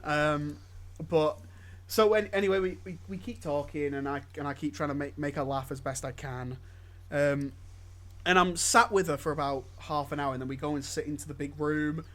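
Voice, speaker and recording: A man's voice: fairly high pitch, moderate pace, a bit bright. Stammering, laughing podcast host man. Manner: stammering restarts, laughs often. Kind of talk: casual chat, storytelling.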